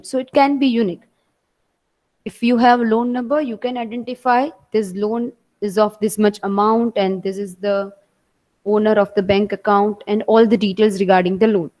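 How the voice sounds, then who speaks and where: A woman's voice: on the high side, darkish tone, low-quality recording. A woman teacher with an Indian English accent giving an online class lecture, explaining step by step and repeating her points.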